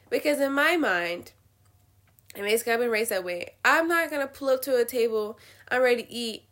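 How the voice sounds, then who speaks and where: A young woman giving blunt, profane opinions in a casual rant to the camera. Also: a little high. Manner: blunt, swearing, animated ranting. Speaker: vlogger.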